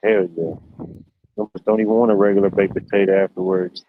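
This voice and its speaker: A man's voice: low-pitched, flat delivery, brisk, a little hiss or hum. A man hosting a livestream, rambling casually with lots of fillers. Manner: rambling, laid-back storytelling with many fillers. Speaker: livestream show host. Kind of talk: casual chat. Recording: dull lo-fi stream audio.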